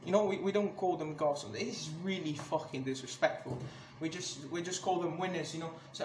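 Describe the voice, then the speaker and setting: Man ranting on a podcast, high voice, angry and swearing, echoey room, noticeable background noise. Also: a little fast, few pauses. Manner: angry, swears a lot, many restarts. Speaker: podcast host. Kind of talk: casual ranting monologue.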